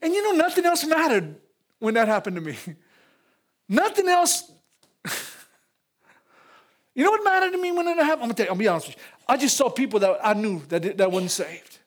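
An older man preaching in a church, emotional, repeating phrases and rising to loud peaks. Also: very high voice, sing-song, normal speed, pauses often. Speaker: pastor. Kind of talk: sermon.

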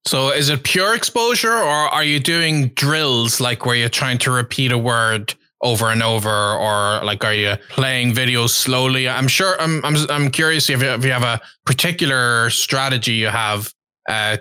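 A curious man hosts an interview, asking eager questions and restarting his sentences as he goes. His voice is bright and forceful. The recording is dry and close, with no room sound. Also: mid-range voice, normal speed, clean tone, dry recording. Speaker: host, interviewer. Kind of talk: casual interview.

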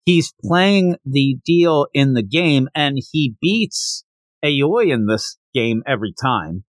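A male podcast host giving a casual, animated recap of a comic chapter and retelling the characters' dialogue. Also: medium pitch, takes it slowly, no room sound.

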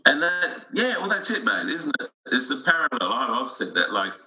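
Forceful-voiced man, earnest talker. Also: mid-range voice, big pitch swings, normal speed, low-quality recording. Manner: earnest, storytelling with frequent restarts. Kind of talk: casual conversation.

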